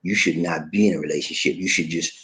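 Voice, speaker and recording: A man hosts a livestream with a low-sitting voice and a quick pace, reading viewer comments aloud. He chats casually in an animated, drawling manner, laughing as he goes.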